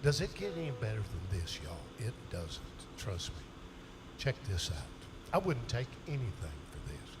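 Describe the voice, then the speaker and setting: Man in his seventies, folksy stage storyteller, animated and laughing, live concert mic with room noise. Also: fairly low pitch, moderate pace. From southern United States. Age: 70s. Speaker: country singer on stage.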